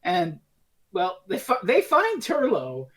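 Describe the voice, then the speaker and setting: A woman's voice: medium pitch, wildly swooping pitch, slow, husky. A woman co-hosting a podcast in casual chat, blunt and swearing freely as she recaps. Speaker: podcast co-host.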